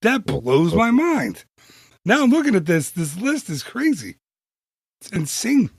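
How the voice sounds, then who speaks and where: A man co-hosting a casual podcast, his voice sitting slightly high. He talks in excited bursts, laughs often and reels off numbers. The mic is close and dry, with no room sound. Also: measured pace, husky, no room sound. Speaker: podcast co-host. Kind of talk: casual chat.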